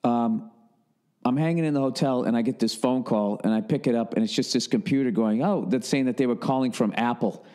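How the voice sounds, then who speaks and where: A middle-aged man hosting a podcast, telling a comedic story in an animated, profane rant. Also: mid-range voice, fairly quick. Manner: animated and profane, working himself up. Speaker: podcast host.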